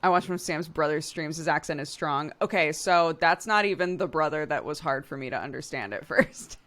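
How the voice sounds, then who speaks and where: Young adult woman, casual stream chatter, low register, bright edge, laughs often. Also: a little fast. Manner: chatty, laughs a lot, many fillers. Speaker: streamer reading chat. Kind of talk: casual chat.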